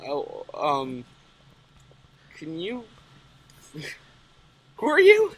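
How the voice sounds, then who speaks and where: A man's voice: a little high, wildly swooping pitch, very slow, fairly bright tone. A man giving joking, giggly commentary over a game video.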